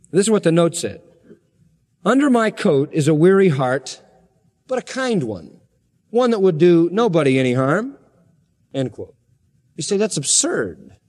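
A man preaching a sermon, with emphatic, dramatic stresses and slowed-down key phrases. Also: a little high, a little mellow, long reverb tail. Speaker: pastor.

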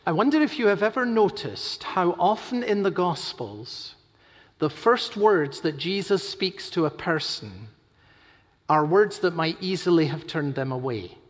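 A man preaching a sermon, swinging between loud urgent emphasis and slow hushed quotation. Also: high-pitched, animated. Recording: long hall reverb.

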